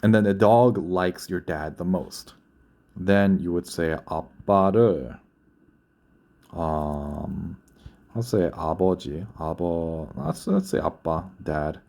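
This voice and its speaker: Low mellow-voiced man teaching. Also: measured pace, gravelly. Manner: patient, repeats and corrects himself. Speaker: Korean language teacher. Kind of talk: explaining grammar at a whiteboard.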